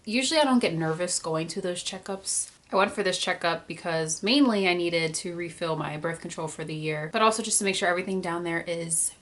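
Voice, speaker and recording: A vlogger in her early twenties tells a personal story to camera, candid and emotional, fighting back tears and saying "like" constantly. Her lowish voice is a bit bright, and she talks briskly with few pauses.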